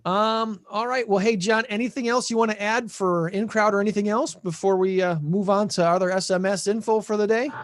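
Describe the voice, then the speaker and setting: A man's voice: high voice, fairly even intonation, brisk, hardly any pauses, no room sound, studio quality. A man with a Midwestern American accent hosting a casual podcast over a video call, rambling and correcting himself as he talks. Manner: rambling, self-correcting, chatty. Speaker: podcast host. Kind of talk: casual chat.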